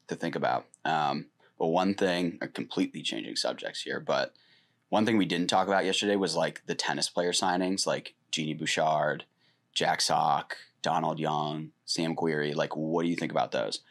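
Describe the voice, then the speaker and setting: A man with a very deep, gravelly voice co-hosts a casual podcast. He talks in an easygoing way, leans on filler words and keeps tossing questions to his partner. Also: moderate pace. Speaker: podcast co-host.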